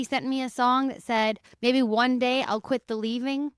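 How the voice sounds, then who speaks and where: A young woman hosting a podcast, telling her dating story in a candid, animated way, swearing freely and acting out the lines she quotes. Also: on the high side, moderate pace, few pauses, clear, resonant tone, no room sound, studio quality. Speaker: podcast host. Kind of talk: casual confessional storytelling.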